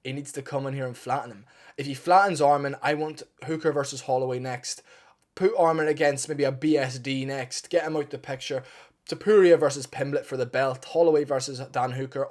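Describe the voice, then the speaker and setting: A man's voice: a little high, darkish tone. Blunt, swearing man breaking down a fight. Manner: blunt, swearing, fired-up and partisan. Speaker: MMA fight analyst. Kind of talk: casual opinionated fight breakdown.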